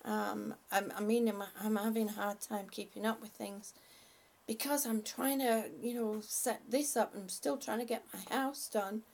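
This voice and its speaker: A woman hosting a livestream, chatting haltingly and affectionately with her viewers, often restarting her sentences. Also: medium pitch, fairly even intonation, gravelly, a little mellow. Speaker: livestream host. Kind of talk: casual livestream chat with viewers.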